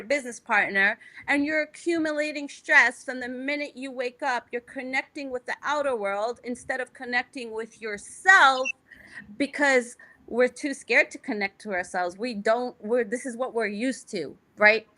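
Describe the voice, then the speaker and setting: Bright, high-voiced motivational woman. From Afghanistan. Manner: passionate and motivational, repeats phrases for emphasis. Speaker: interview guest. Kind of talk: candid conversational interview.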